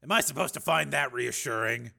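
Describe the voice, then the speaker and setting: A man doing a wary male police lieutenant in an audiobook, tense and sardonic, pitched a bit above the reader's own voice. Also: brisk, creaky, pushed and bright, full character voice. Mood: alarmed.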